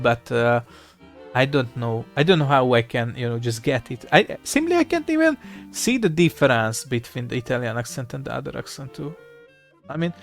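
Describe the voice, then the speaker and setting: Rambling, irreverent man thinking aloud. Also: mid-range voice. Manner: rambling, irreverent, swears, looks things up aloud. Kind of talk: casual rambling commentary.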